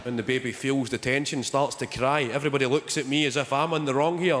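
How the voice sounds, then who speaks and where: Young stand-up, wry deadpan delivery, on a big echoey stage with loud noise. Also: male voice, mid-range voice, quick pace. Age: young adult. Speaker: stand-up comedian. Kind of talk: stand-up comedy set. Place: large theatre stage.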